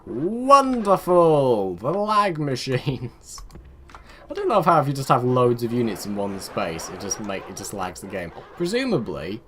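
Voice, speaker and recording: A man's voice: on the low side, huge pitch swings, normal speed, slight background noise. Rambling young man narrating his gameplay. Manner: rambling, talks to his game units, muttering asides. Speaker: gaming video host. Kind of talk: casual let's-play commentary.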